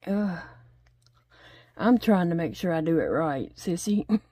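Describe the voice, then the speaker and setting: A woman's voice: lowish voice, lively intonation, unhurried, mellow, no echo, clean studio sound. A middle-aged woman chatting casually at home while she crochets, rambling along and talking to her pets. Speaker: crochet vlogger. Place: home desk.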